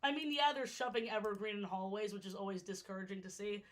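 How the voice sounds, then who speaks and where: A woman's voice: mid-range voice, fairly even intonation, fast. A young woman from New York chatting casually on a livestream, jokey and easily sidetracked, her voice a little worn out. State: slightly worn-out voice. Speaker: streamer ranking water parks.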